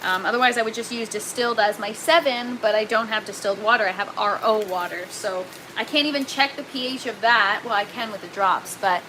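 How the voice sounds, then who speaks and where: Bright-voiced chatty woman streamer. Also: medium pitch, a little fast, few pauses, slight background noise, poor audio. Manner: chatty, laughs often, reads viewer comments aloud. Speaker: livestream host. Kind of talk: casual livestream chat. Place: indoor grow tent.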